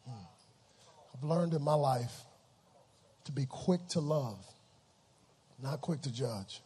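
A man in his thirties preaching a live sermon in a church, dramatic call-and-response delivery that swings from hushed to shouting. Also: mid-range voice, takes it slowly, slightly rough. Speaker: pastor.

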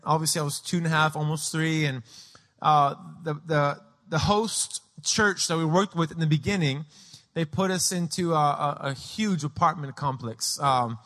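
A man preaching a sermon, praying and then telling childhood stories from growing up in Peru, acting out voices with shouts. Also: fairly high pitch. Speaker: pastor. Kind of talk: sermon with personal storytelling. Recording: echoey hall with long reverb.

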